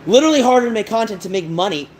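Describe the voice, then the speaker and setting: A high-pitched man rants to his stream chat in an agitated, rambling way, circling back and repeating himself. Loud traffic noise runs behind his voice throughout. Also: animated, very fast, rough recording. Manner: agitated, rambling storytelling with repetitions. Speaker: livestreamer. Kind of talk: livestream chat, ranting to viewers.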